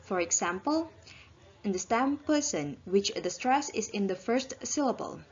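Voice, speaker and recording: A woman's voice: medium pitch, animated, unhurried, breathy edge, muffled recording. A young woman with an Indonesian accent, reading a class presentation carefully and spelling out word parts. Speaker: student presenter.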